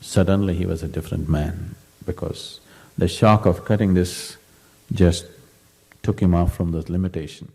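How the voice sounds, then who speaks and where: A man as a spiritual teacher giving an emphatic storytelling discourse, dropping to a soft voice at times. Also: low-pitched, steady tone, normal speed, in a large hall, slight background noise, low-quality recording. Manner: storytelling, acting out quoted voices.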